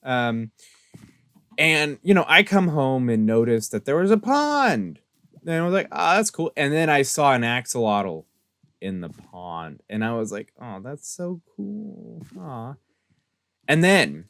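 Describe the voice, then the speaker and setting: A man's voice: clear, resonant tone, no echo. Rambling young man telling a game story. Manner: rambling, filler-heavy, self-correcting; animated storyteller with sudden pitch jumps and soft asides. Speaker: Minecraft server player recapping lore. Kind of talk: casual storytelling recap.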